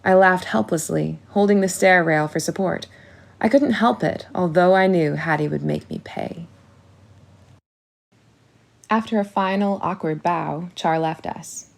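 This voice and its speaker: A woman narrating a storybook in the first person with a measured, expressive reading. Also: lowish voice, vocal fry. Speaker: audiobook reader.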